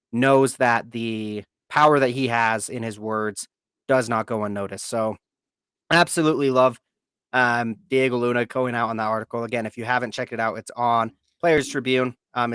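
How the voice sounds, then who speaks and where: A man's voice: mid-range voice, a bit bright, clear, resonant tone, no echo, studio quality. A man co-hosting a live podcast, earnest and heartfelt, often repeating words for emphasis. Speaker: podcast co-host. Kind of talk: casual live podcast talk.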